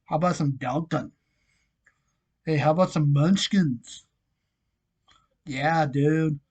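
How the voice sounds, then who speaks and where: A sports vlogger putting on a jokey Boston accent, playing a loud, friendly Boston sports bro calling out greetings. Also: medium pitch, takes it slowly, husky. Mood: joking. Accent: Boston, put on.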